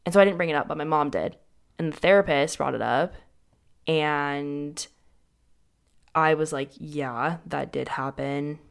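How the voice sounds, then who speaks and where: A young adult woman tells her story candidly as a guest. Her voice sits low and has a gravelly fry. She talks in a loose, casual way, full of "like" and restarted sentences. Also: moderate pace, pauses often. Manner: casual, heavy use of "like", frequent restarts.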